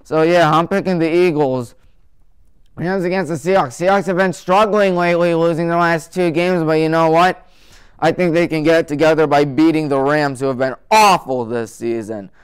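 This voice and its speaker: A man's voice: on the high side, normal speed, smooth. A male sports talk show host rattling off his weekly game picks in a joking, opinionated way, with mocking nicknames for teams.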